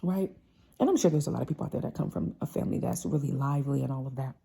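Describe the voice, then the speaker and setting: A woman hosting a casual motivational talk, animated and passionate, sometimes acting out her family's voices. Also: a bass voice, rapid-fire, creaky, slightly rough. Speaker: host.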